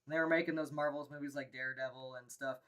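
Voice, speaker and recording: A woman's voice: extremely low pitch, fairly even intonation, fast. A woman co-hosting a live horror movie review, chatting casually and laughing often between rambling remarks.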